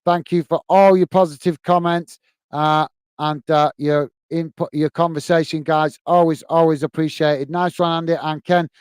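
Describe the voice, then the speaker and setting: A man's voice: a little high, flat delivery, normal speed, darkish tone, smooth, no room sound. A tired man hosting a football live stream, reading viewer comments and signing off friendly with lots of fillers. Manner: friendly, repetitive sign-offs, many fillers. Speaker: football channel host.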